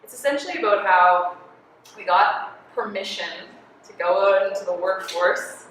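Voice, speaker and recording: Canadian woman guest, animated, chatty, bright tone; distant mic, big echo. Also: medium pitch, normal speed. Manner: animated storyteller, laughs often, lots of fillers. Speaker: artist and designer guest. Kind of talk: candid conversational interview. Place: event space. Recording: echoey room, distant mic, faint noise.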